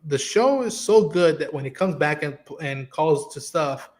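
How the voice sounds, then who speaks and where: A man co-hosting a podcast, chatting excitedly and swearing a lot while acting out lines. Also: on the high side, measured pace. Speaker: podcast co-host. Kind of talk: casual chat. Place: home studio.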